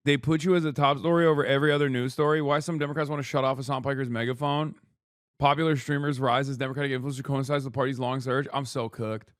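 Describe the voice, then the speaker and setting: A man's voice: mid-range voice, fairly even intonation, no echo. Sarcastic male streamer, dry sound. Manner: sarcastic, swearing, reads headlines fast. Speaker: political streamer. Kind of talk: casual commentary.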